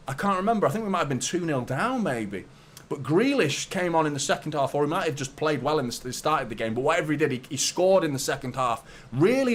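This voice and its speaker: Male fan host, young adult, chatty, casual, higher than usual voice. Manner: chatty, greets viewers by name, swears casually. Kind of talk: live football watchalong chat.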